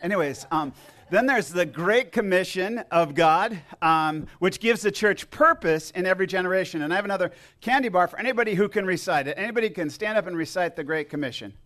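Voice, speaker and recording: Male pastor, fairly high voice, chatty joking sermon delivery. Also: animated, fairly bright tone. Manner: chatty, joking, halting restarts. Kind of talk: casual sermon with congregation. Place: church sanctuary.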